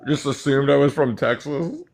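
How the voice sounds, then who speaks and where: Laid-back gravelly Canadian man. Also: medium pitch, lively intonation, normal speed, a little mellow, rough recording. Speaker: panel member. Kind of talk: casual chat.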